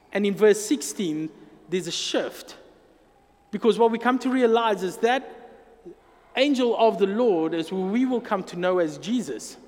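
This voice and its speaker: A man's voice: high-pitched, expressive, unhurried, a little mellow. A man preaching a sermon as pastor, earnest and emphatic, drawing out key phrases. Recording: long hall reverb.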